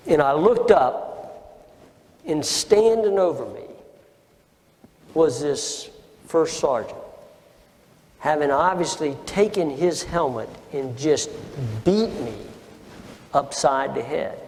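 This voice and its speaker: Slow, emphatic older man in a reverberant room. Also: a little high, expressive, a little mellow, slight background noise. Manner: slow, deliberate, emphatic retelling with repetitions. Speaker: former Marine officer recounting combat. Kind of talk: oral history storytelling.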